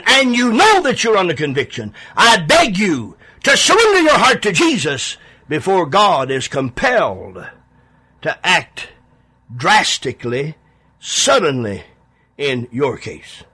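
A man preaching a sermon on the radio, pleading and emphatic, with dramatic pauses and big swings in his voice. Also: sits high, sharp tone, husky.

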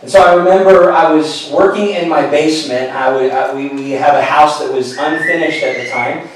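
A middle-aged pastor telling a personal story in a sermon, earnest and storytelling, often falling to a hushed voice. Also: male voice, fairly high pitch, moderate pace, slight background noise. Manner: earnest storytelling, drops to a hushed voice at tender moments. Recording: echoey hall, mic at a distance.

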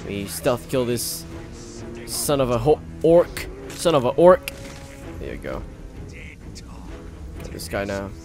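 A young man giving excitable let's play commentary as a gaming channel host, laughing often and swearing freely. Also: medium pitch, slow pace, pauses often, soft background music.

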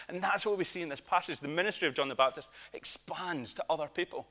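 A man's voice: on the high side, brisk. A man with a Scottish accent preaching a sermon, telling stories with humour and asides. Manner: lively storytelling with humour and asides.

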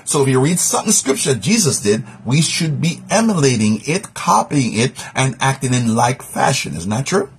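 A man's voice: mid-range voice, big pitch swings, normal speed, few pauses, a little hiss or hum. A man teaching a live Bible study, emphatic, repeating key words and asking rhetorical questions.

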